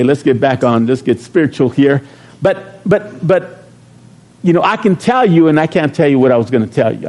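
A middle-aged man preaching a sermon as pastor, folksy and joking, rising into shouted calls to the congregation. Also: on the high side.

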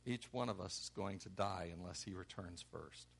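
A man preaching a sermon, acting out the quoted lines with sudden loud, emphatic bursts. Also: deep voice, normal speed, creaky, breathy edge. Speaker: pastor.

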